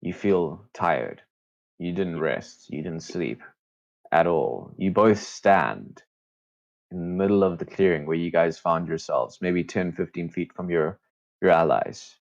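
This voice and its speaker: Deep-voiced man narrating as game master. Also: unhurried, creaky, highs cut off.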